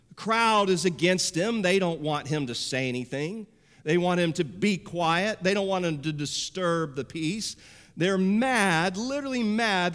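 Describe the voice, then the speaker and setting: A man's voice: sits high, fairly bright tone. A man preaching a sermon as pastor, emphatic and repeating phrases for effect. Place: church sanctuary. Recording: long reverb of a church sanctuary.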